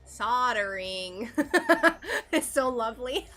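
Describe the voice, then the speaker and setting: A woman's voice: fairly high pitch, measured pace, a bit bright, faint music behind. A woman with an American accent chatting casually to viewers while doing stained glass on a livestream, giggly and full of fillers.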